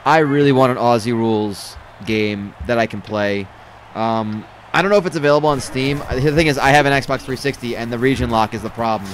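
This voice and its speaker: A man's voice: medium pitch, slight background noise. A man giving joking, rambling live commentary on a video game football match, calling plays and swearing casually. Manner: rambling, swears, quick play calls.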